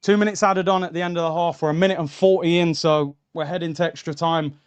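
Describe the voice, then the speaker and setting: A young man speaks quickly in a slightly high, steady, clear, and resonant voice over a streaming mic. He hosts live watchalong commentary of a football match, reacting heatedly and calling viewers lads and bro.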